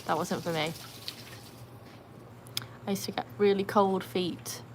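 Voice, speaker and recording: A woman's voice: fairly low pitch, fairly even intonation, measured pace. Chatty British woman on a noisy livestream. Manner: chatty, reads out comments, coaxes dogs. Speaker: livestream host with dogs. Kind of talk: casual live-stream chat. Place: outdoors by a pool. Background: splashing and dogs barking.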